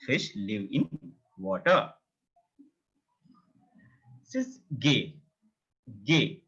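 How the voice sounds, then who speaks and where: Guy teaching beginners, slow and sing-songy, a bit husky, lo-fi sound. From India. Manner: slow, repeats each word several times, lively pitch jumps. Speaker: language teacher. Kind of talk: beginner language lesson. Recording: dull, lo-fi sound.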